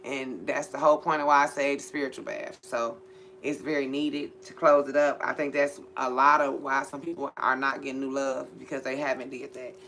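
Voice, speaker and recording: A woman reading for viewers, talking about spiritual topics in a blunt, profane, animated way. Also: very deep voice, fairly quick, a little hiss or hum. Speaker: spiritual reader and channel host. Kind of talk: casual spiritual chat.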